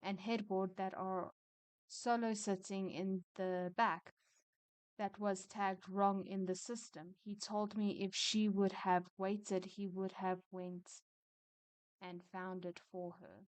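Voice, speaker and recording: Woman storyteller, smooth clear tone, dry close sound, chatty and quick to vent. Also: medium pitch, little pitch movement, no room sound. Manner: opinionated, chatty, quick to rant. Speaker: storyteller reading retail stories. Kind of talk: casual story reading with commentary.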